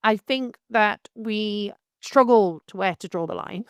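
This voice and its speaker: A woman's voice: medium pitch, unhurried, clean tone, no room sound, studio quality. Exasperated woman ranting. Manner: exasperated, rambling, frequent restarts. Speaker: photographer and host. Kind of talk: storytime reaction monologue.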